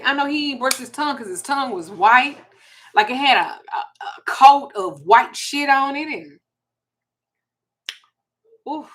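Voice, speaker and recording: A woman with a Southern US accent hosting a casual livestream, telling a story and reading viewer comments in a blunt, profane, animated way. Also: mid-range voice. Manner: blunt, profane, animated, with sudden loud jumps.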